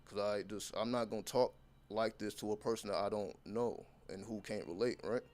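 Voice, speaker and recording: A man's voice: on the low side, steady tone, moderate pace, darkish tone. Blunt, profane man giving a motivational rant. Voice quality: blunt, heavily profane, intense. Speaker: content creator. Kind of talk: unscripted motivational monologue.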